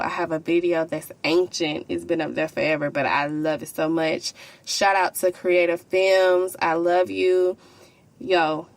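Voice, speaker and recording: A woman's voice: on the low side, gravelly, no room sound. A young woman hosting a podcast, signing off in heartfelt, slangy casual talk. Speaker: podcast host.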